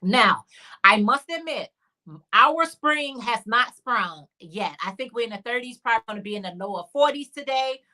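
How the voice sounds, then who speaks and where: A woman's voice: fairly high pitch, expressive, moderate pace, pushed and bright. A woman hosting a casual crochet livestream, chatting and answering viewer comments. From Chicago area. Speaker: livestream host.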